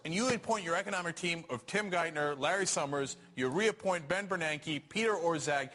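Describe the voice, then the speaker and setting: High, animated, combative male host. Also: fairly quick, few pauses. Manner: combative, pointed questioning. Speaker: talk show host. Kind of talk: political panel discussion.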